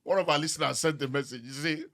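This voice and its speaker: A Nigerian man who works in radio, talking in a casual group chat, animated and repeating words as he builds up a point. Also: a little high, fast. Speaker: radio presenter.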